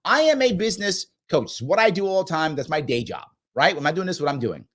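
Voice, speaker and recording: A fast-talking man with a voice on the high side reacts to a clip as host of a live reaction show. Animated and insistent, he repeats his points and acts out quoted voices while commenting.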